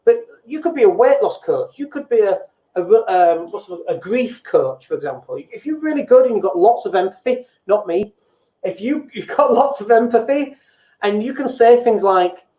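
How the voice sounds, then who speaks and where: A man's voice: high-pitched, animated, normal speed. A man hosting a business show, talking bluntly and mocking himself, now and then mimicking people in sing-song voices. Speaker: business coach and show host. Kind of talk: casual motivational talk to viewers. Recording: echoey room over a phone-like thin line.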